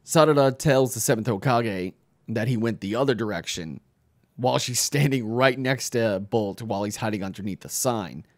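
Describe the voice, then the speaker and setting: A man's voice: mid-range voice, normal speed, no room sound, clean studio sound. A young man casually reviewing a manga chapter in a rambling, filler-heavy way. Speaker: YouTube anime reviewer.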